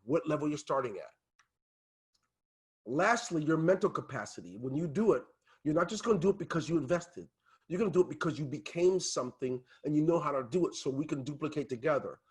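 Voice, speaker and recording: A man coaching his team on a video call, talking in a passionate, emphatic way that sometimes turns loud. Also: on the high side, animated, brisk, husky. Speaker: team leader and business coach.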